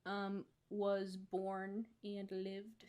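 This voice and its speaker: Woman co-host, mid-pitched voice, chatty, laughs easily, thinks out loud. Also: completely flat delivery, drawn-out words. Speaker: podcast co-host. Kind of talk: casual podcast chat.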